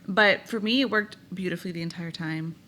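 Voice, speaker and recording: A woman's voice: on the low side, fairly quick, a bit bright, slight background noise. A young woman co-hosting a podcast, telling a personal story in a chatty, candid way and laughing now and then. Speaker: podcast co-host. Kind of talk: casual storytelling chat.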